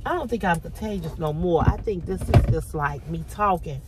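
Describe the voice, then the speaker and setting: A middle-aged woman vlogging to her phone camera, blunt and profane, with a throat tickle, going from low talk to impassioned near-shouting. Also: expressive, normal speed, over loud music. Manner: preachy, rising to impassioned shouting.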